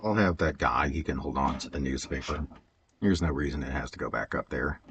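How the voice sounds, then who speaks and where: A man's voice: rumbling low, brisk, fairly bright tone, slight background noise. A man chatting casually and rambling while he works on a Lego build, hesitant, with many fillers and stutters and frequent chuckles. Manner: chuckles often.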